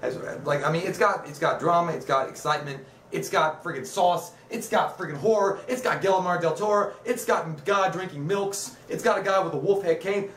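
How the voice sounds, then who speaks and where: A man's voice: high voice, brisk, few pauses, a bit bright, slight background noise. A man co-hosting a casual TV review chat, joking, swearing and acting out scenes in put-on voices. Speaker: co-host reviewing TV. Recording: echoey room, mic at a distance.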